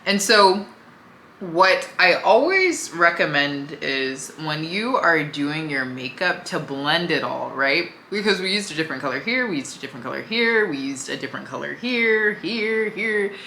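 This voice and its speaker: A young woman chats her way through a makeup routine in a casual, easygoing way. Her voice sits low but comes across bright and clear. The room around her is echoey, with a faint hum underneath. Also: lively intonation, measured pace. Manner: chatty, talks while applying makeup, easygoing. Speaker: beauty vlogger. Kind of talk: casual makeup tutorial chat.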